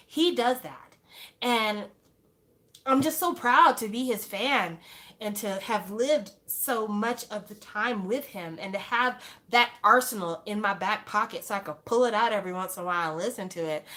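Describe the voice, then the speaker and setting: Animated young woman gushing casually. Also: fairly high pitch. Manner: animated, exclaiming, rhetorical questions. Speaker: fan vlogger. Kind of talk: casual fan monologue.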